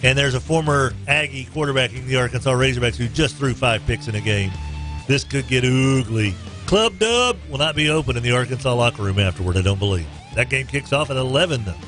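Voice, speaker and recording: A man's voice: a little fast, fairly bright tone, soft background music. A man hosting a morning radio show, joking through sports updates and live ad reads in a bouncy, playful way. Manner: jokey, bouncy delivery with swings in pitch.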